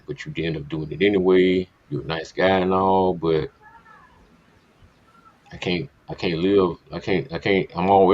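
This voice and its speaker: Low-pitched man, blunt profane storytelling, muffled lo-fi podcast audio, faint hiss. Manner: candid, profane, rambling. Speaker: podcast co-host. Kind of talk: casual storytelling chat.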